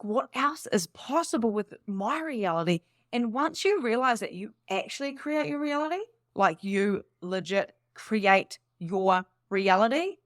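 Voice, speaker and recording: A woman spiritual coach talks in a loose, unscripted monologue, jumping between thoughts with easy laughter. Her pitch sits in the middle for a woman, and her delivery is animated and enthusiastic. The sound is dry and close, with no room echo. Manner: chatty and rambling, laughs often.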